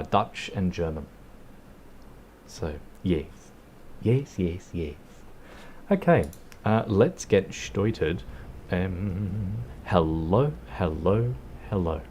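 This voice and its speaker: An Australian streamer rambles casually about his gameplay in a low, darkish voice, laughing and swearing now and then. There's a faint hiss or hum on the recording.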